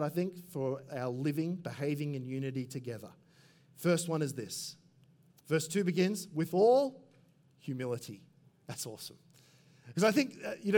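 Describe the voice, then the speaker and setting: Man, pastor, casual sermon, conversational asides, fairly high voice. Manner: conversational, lively with asides and fillers.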